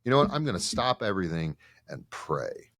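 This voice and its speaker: A seminarian talking in a casual podcast chat, telling stories with lively acted-out dialogue. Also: male voice, sits low, fairly quick, no echo, studio quality. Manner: animated storyteller who acts out quoted dialogue.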